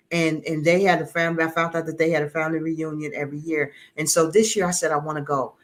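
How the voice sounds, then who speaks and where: A man's voice: on the high side, fairly bright tone. A middle-aged man giving an earnest, emotional personal testimony as an interview guest, often repeating words as he searches for them.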